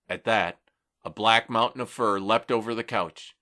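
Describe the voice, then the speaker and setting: Bright, lowish male audiobook narrator. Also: moderate pace. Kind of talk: first-person scripted narration.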